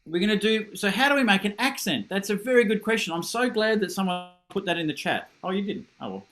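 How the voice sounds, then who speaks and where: A middle-aged man leads a horn masterclass over a video call, his voice pitched high for a man. He praises readily, jokes about himself and demonstrates with short sung syllables. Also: expressive, fast talker, a bit bright. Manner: encouraging, self-deprecating, demonstrates with sung syllables. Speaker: horn teacher giving a masterclass.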